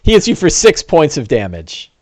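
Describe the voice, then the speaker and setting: A man runs a tabletop game, narrating with an animated, swooping pitch that sits a little high. He laughs easily between descriptions. The sound is dry and close. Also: normal speed, dry recording. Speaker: game master.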